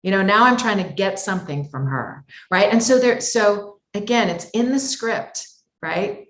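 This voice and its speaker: A woman's voice: mid-range voice, animated, a little slow, fairly bright tone, roomy sound. A woman voice actor talking as an interview guest, thoughtful and circling back with many asides. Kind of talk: conversational interview talk.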